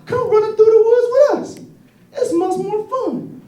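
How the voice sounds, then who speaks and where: A man voicing an overeager little male rabbit in a high, drawn-out, pleading voice. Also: dark tone. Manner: high squeaky slowed pleading. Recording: echoey room from far off, crowd.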